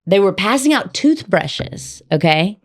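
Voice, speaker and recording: A woman from Memphis, co-hosting a podcast and telling a long, animated, rambling story. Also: mid-range voice, a little slow. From Memphis, Tennessee. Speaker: podcast co-host. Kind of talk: casual chat, storytelling. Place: podcast studio.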